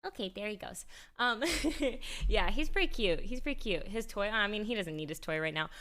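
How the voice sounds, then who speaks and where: A woman's voice: mid-range voice, moderate pace, bright, forceful tone. A woman livestreamer in casual chat, rambling with frequent restarts and easy laughter. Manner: chatty and rambling, restarts often, laughs easily.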